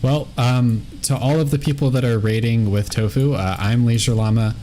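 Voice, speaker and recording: A man's voice: medium pitch, steady tone, moderate pace, dark tone, slight background noise. A man hosting a gaming livestream in casual chat, talking hesitantly with many ums and restarts. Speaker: streamer host.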